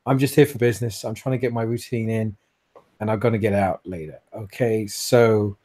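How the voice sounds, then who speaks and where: A man's voice: medium pitch, mellow, natural voice. A man voicing an arrogant, flirtatious wealthy man at a gym in a tabletop game, speaking in a cocky, patronizing way.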